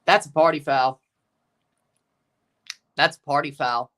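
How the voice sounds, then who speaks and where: A man's voice: on the high side, fairly even intonation, slow, fairly bright tone. Rambling man hosting a live watchalong. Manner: rambling, repeats himself, chuckles often. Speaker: livestream host reading chat. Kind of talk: casual watchalong commentary.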